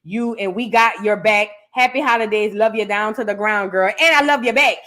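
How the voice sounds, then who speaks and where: A woman's voice: mid-range voice, moderate pace, soft background music. A woman hosting a live reaction stream, chatting casually with viewers, telling stories with lots of acted-out quotes and calling everyone "girl.". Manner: animated storytelling, calls viewers "girl", acts out quotes. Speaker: host of a live reaction channel. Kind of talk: casual livestream chat.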